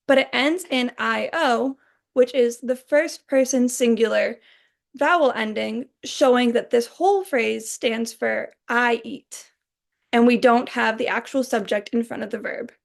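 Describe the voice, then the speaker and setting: A young adult woman giving a recorded class presentation, explaining points in a clear, orderly way. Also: fairly high pitch. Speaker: student presenter.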